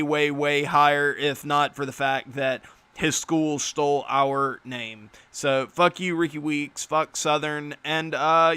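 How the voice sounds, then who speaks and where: A young man giving casual gaming commentary as a YouTuber, blunt and profane, quick to break into a rant. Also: a little high, pushed and bright, dry recording. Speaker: gaming YouTuber reviewing player cards.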